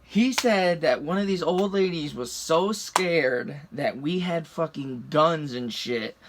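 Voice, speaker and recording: A man's voice: fairly high pitch, takes it slowly, background noise. A young man from the rural United States telling a story casually, heated and swearing constantly. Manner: profane, heated retelling.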